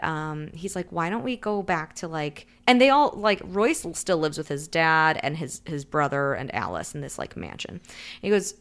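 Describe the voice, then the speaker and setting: A podcast co-host with a low-pitched, fairly bright, clear and resonant voice chats through a book recap. She says "like" over and over and briefly acts out the characters' lines in shifting voices.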